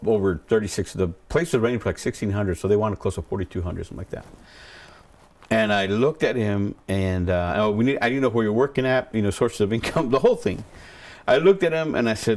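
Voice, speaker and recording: A pastor with a fairly low, darkish voice speaks briskly as he tells a personal story. He rambles, repeats words, and acts out what other people said.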